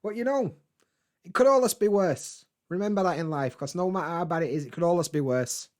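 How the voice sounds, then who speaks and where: A man chatting casually on a live stream, reading and answering chat comments in a relaxed, swearing, laughing way. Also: high voice, fairly quick. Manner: laid-back, chatty, swears freely, laughs often.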